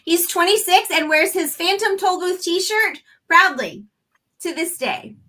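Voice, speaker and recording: A woman's voice: very high voice, expressive, measured pace, sharp tone. A woman in her fifties, chatting casually about books on a podcast, playful and self-mocking, often laughing. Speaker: podcast co-host. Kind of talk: casual book chat.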